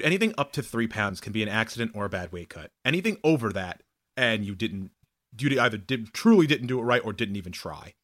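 A man co-hosting a sports talk show, explaining his views in a measured, conversational way. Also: medium pitch, a bit bright. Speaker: sports talk radio co-host.

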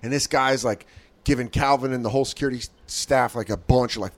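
A man's voice: mid-range voice, steady tone, quick pace. A man co-hosting a comedy podcast from the studio, rambling through a story and acting out the quotes. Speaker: podcast co-host. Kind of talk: casual comedic chat.

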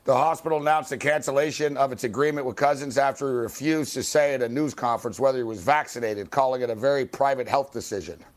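A man hosting a late-night sports talk radio show, ranting angrily and swearing at athletes, with loud high-pitched outbursts. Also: fast, few pauses. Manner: angry, swearing, heckling athletes by name.

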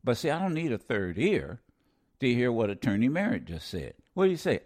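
A man's voice: medium pitch, fairly quick, vocal fry. A man hosting a call-in radio talk show who challenges and scolds callers, his voice rising as he gets worked up. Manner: lively, interrupts and scolds callers, voice rising when angry.

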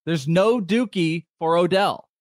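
A man co-hosting a sports talk show, laughing often and halting with fillers as he tells stories. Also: high voice, no room sound, studio quality. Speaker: sports radio host. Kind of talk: casual sports talk banter.

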